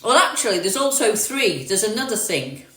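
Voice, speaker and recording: Speaking into a phone from across an echoey room, this livestream host answers viewer comments in a relaxed, chatty way. She's a middle-aged woman from London whose southern English accent is partly blended with northern features. Her medium-pitched delivery is sing-song and fairly bright, at a moderate pace.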